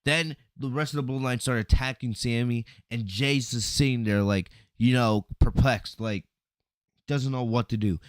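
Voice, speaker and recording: A man hosting a podcast, recapping a wrestling event in a casual, animated storytelling way, often asking "right?" and acting out lines. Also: medium pitch, moderate pace, no room sound, clean studio sound. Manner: animated storytelling, acts out quotes, frequent "right?" and "you know". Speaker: podcast host reviewing wrestling. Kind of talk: casual solo review commentary.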